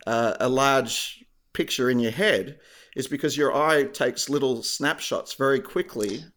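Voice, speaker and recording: A man's voice: mid-range voice, a little slow, a bit bright. A man co-hosting a podcast in casual, rambling, joking chat. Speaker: podcast co-host.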